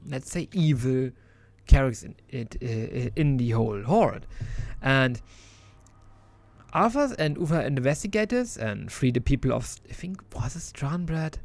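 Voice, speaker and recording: A man's voice: medium pitch, vocal fry. Chatty man reviewing a game. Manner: chatty and enthusiastic, with many restarts and some laughs. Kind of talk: casual spoken game review.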